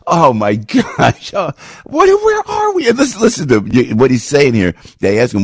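A man's voice: medium pitch, wildly swooping pitch, normal speed, husky, no echo. A man hosting a talk radio show, speaking in a fired-up, indignant and rambling way from a radio studio.

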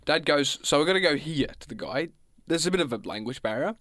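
A man's voice: on the high side, expressive, fast talker, a bit bright, no room sound, studio quality. A man co-hosting a radio show, telling a rambling story in casual chat. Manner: rambling storyteller, acts out quoted voices. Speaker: co-host.

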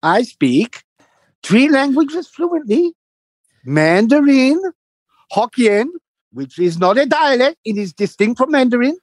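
A man's voice: very high-pitched, sing-song, no echo, voice pushed up, full character voice. A man doing a boastful older immigrant with a Chinese accent. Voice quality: clipped, lecturing, drawn-out words. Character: proud older immigrant man, pedantic and scolding. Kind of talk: comic impression in casual chat.

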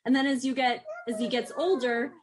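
A woman with a somewhat high voice talks in a warm, animated way as a guest on a news interview. She speaks as an occupational therapist. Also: a little fast, a crowd in the background. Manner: warm, animated, lifts into high sing-song baby talk when demonstrating.

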